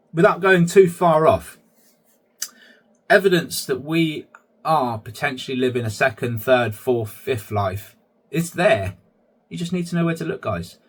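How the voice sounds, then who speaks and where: A man talking straight to viewers in a casual vlog, chatty and conversational. His voice has a husky edge at an ordinary middle pitch. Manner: chatty, keeps addressing viewers as guys. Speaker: channel host.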